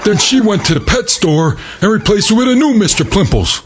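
A man's voice: high voice, sing-song, fairly quick, some chatter behind, a little hiss or hum. A man playing a goofy, pranking sitcom husband with jokey sitcom delivery. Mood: joking.

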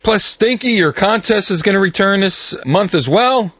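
A man hosting a podcast in a studio with an animated, enthusiastic casual delivery. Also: high-pitched, normal speed, husky, no echo. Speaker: podcast host.

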